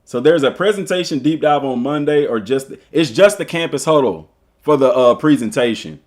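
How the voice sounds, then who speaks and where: A school football coach with a Southern US accent streams live, reading an article aloud and joking with viewers in casual commentary. He's animated and playful, chatting between passages in a medium-pitched voice at normal speed.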